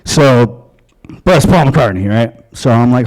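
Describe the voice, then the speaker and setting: A man's voice: mid-range voice, normal speed, darkish tone, rough recording. A man from Long Island doing a stand-up comedy set in a comedy club, crude and offhand. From Long Island, USA.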